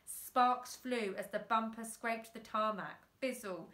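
A woman teacher reading a children's book aloud, lively and acting out the characters. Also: slow. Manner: lively, voices characters with big pitch jumps. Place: classroom or home, self-filmed. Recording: echoey room.

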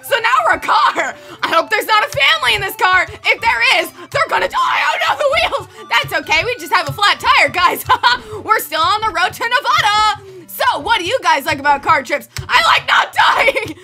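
A woman doing let's play commentary as a gaming channel host, excitable, with shrieking reactions and jokey running gags. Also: very high-pitched, normal speed, hardly any pauses, soft background music.

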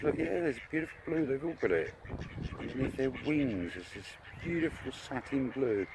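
A man chatting to his dog on a park walk, filming on a phone outdoors, talking casually and breaking into excitable bursts. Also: medium pitch, moderate pace. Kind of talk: casual vlog narration. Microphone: phone camera mic. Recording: noisy outdoor phone recording. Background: birds and ducks, outdoor ambience.

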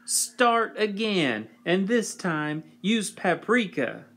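A man reading a storybook aloud and voicing a bossy, fussy female monster wife in a shrill, raised voice. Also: sing-song, slow, fairly bright tone, exaggerated voice.

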